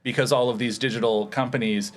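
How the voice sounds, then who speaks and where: A man's voice: mid-range voice, fairly even intonation, fast talker. A man hosting a casual comedy panel, rambling and joking as he leads the talk with questions. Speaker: host.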